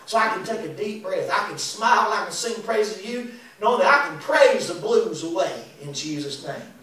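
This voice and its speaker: A man, preaching and singing as an evangelist, folksy and animated with laughing asides. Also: sits high, normal speed. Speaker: evangelist and singer. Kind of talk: lively sermon with congregation call and response. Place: church sanctuary. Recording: echoey church recorded from a distance.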